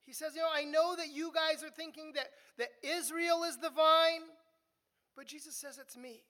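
A woman's voice: sits high, steady tone, normal speed, fairly bright tone. A woman preaching an expository sermon in a conversational teaching manner, often repeating a word as she restarts a phrase.

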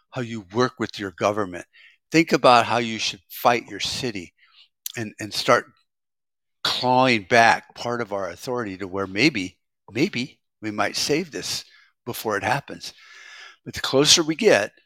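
A man's voice: medium pitch, measured pace, fairly bright tone, no room sound. An American man giving a rambling, profane monologue as a prepper vlogger, with frequent restarts.

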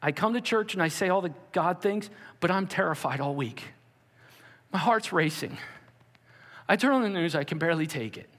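A man voicing an anxious churchgoer who rushes through a list of worries in a breathless ramble. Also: high voice, animated, fairly bright tone, big-room sound. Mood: panicked. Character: anxious frightened churchgoer, overwhelmed by worry.

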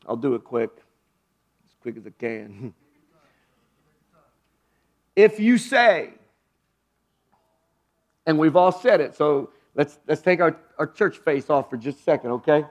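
A man preaching a sermon from the pulpit. His voice sits high and swings widely. He sinks into hushed low phrases and then climbs to loud, ringing exclamations. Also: expressive, unhurried, long pauses. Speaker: pastor.

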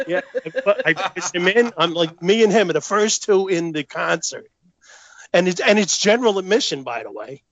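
A man's voice: high voice, expressive, normal speed, fairly bright tone, no echo. A man with a New York accent, rambling through a story as a podcast guest, repeating himself and laughing as he goes. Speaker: guest, longtime fan. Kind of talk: casual chat, storytelling.

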